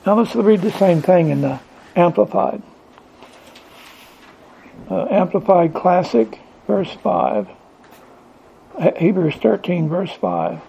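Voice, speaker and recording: A man's voice: high-pitched, big pitch swings, takes it slowly, gravelly, pauses often, dark tone, slightly rough, muffled recording. A man teaching from the Bible to a small group, reading scripture aloud, asking questions and building emphasis on repeated lines. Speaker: preacher.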